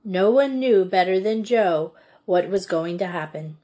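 A woman reading a children's storybook aloud in a measured, deliberate way. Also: mid-range voice, expressive, dark tone. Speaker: audiobook reader. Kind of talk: storybook narration.

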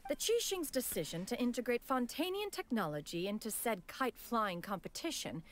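A woman's voice: on the high side, sing-song, moderate pace. A woman voicing a haughty ancient immortal in a game, speaking in a stiff archaic formal way. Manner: archaic formal speech, calls herself 'one'. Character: haughty ancient female immortal, aloof and stately. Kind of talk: game voice acting.

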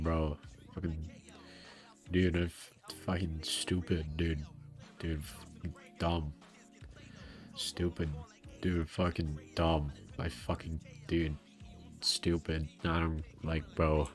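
A man's voice: very deep voice, little pitch movement, takes it slowly. A young man streaming games, chatting casually and swearing as he rants in frustration. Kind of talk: casual gaming stream chat. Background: faint background music.

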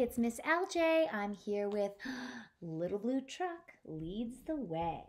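A woman childcare teacher reading a picture book aloud to young children in an animated, sing-song way. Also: medium pitch.

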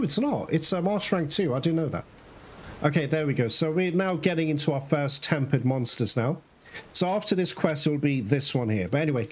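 A man's voice: a little high, slight background noise. A man giving casual, chatty commentary on his own gameplay, talking straight to viewers and swearing now and then. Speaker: gamer playing through a game.

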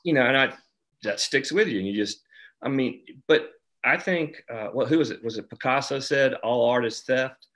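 A man from South Carolina in relaxed conversation about writing, speaking at a medium pitch. He rambles, restarts his sentences and leans on "you know" while thinking aloud. He sounds like he is on a video call. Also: moderate pace. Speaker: author discussing his novel. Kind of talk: casual conversation.

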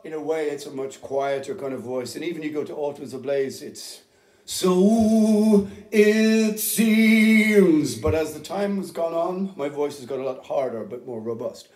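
A middle-aged heavy metal singer with a dark, mid-range voice explains his vocal technique briskly, hardly pausing. He talks in a casual, rambling, unprepared way with plenty of fillers, and the band rehearsal room gives a roomy echo.

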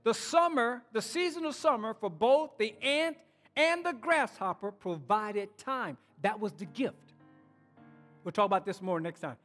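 A man's voice: high voice, expressive, measured pace, fairly bright tone, in a large hall, faint music behind. A male pastor preaching a sermon, urging his congregation on and often restarting and repeating words as he speaks.

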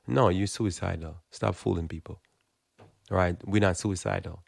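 A man's voice: sits low, steady tone, moderate pace, vocal fry, slightly rough, dry recording, studio quality. A man giving a blunt, emphatic, informal sermon, often repeating words as he builds his point. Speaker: Christian preacher. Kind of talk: informal preaching monologue.

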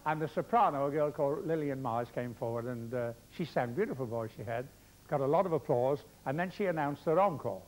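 Older comic with chatty patter. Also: male voice, mid-range voice, fairly quick. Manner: chatty music-hall patter. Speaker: comedian. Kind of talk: live comic storytelling on stage. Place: theatre stage before a live audience. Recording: live theatre recording with loud music. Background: loud band music.

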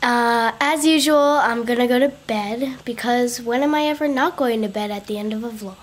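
A woman's voice: fairly high pitch, moderate pace, hardly any pauses, slight background noise. A teenage girl vlogger who is losing her voice, rambling through a casual outro and poking fun at herself. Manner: chatty, rambling, self-mocking.

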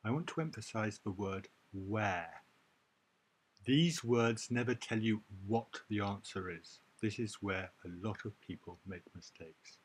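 A man's voice: on the low side, moderate pace, hardly any pauses, a little hiss or hum. A male teacher giving an exam-prep reading lesson, who explains step by step and stresses key points. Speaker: IELTS teacher.

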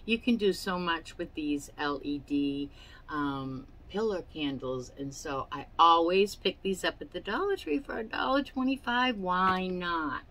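A woman's voice: on the low side, lively intonation, a little slow, fairly bright tone, rough recording. A woman hosting a casual crafting vlog at home, showing products in a chatty, rambling way, with fillers and hiccups. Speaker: crafting channel host. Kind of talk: casual product show-and-tell. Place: her home.

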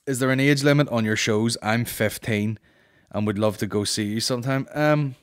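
A Northern Irish man hosting a comedy podcast, reading listener questions and telling stories in a blunt, sweary, animated way. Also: mid-range voice, normal speed, clean tone. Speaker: podcast host and stand-up comedian.

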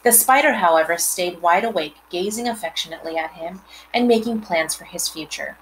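A mother reading a storybook aloud and pausing to explain words and scenes to her listeners. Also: fairly low pitch, a bit bright, a little hiss or hum, rough recording.

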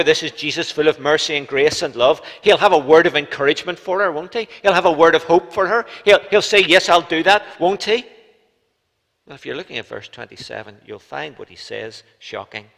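A Northern Irish man preaching a sermon in a church, asking rhetorical questions and swinging between loud and soft for emphasis. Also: medium pitch. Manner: rhetorical questions, rises and drops in volume for emphasis. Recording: church live stream with long reverb.

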